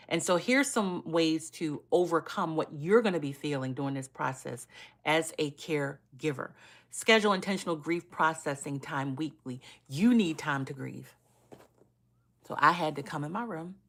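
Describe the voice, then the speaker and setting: Low-voiced woman caregiver coach. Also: vocal fry, fairly bright tone. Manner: earnest, personal, often adds "right?". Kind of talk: live-stream talk.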